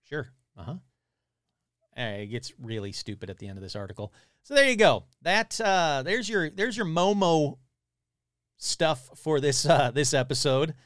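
A man's voice: fairly high pitch, sing-song, moderate pace, a bit bright, no echo, clean studio sound. A man hosting a podcast, casually reading a newspaper article aloud and breaking off with wry, grumbling asides. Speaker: podcast host.

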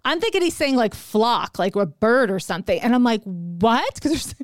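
A middle-aged woman co-hosting a podcast, telling a story in a casual, animated way, laughing and acting out the lines she quotes. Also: a little high, brisk, dry recording. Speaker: podcast co-host.

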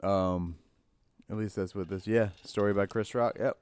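A man's voice: fairly low pitch, steady tone, normal speed, a little mellow, clear, resonant tone. A man co-hosting a casual podcast chat, dry and brief, mostly giving short replies and listing facts. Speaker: podcast co-host.

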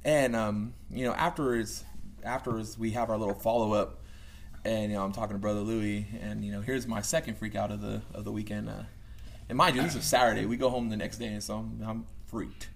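A man's voice: fairly low pitch, fairly even intonation, fairly quick, vocal fry, slight background noise. A young man who leads youth ministry, telling stories casually and animatedly, laughing and filling his talk with "like" and "you know.". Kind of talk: casual storytelling.

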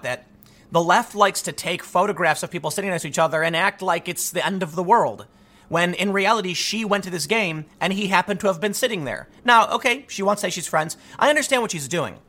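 A man delivers an opinionated political monologue in a bright, forward voice that sits a little high for a man. He is emphatic and restless, often doubling words as he pushes a point home. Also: animated, brisk. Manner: emphatic, repeats words when building a point. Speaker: political commentator.

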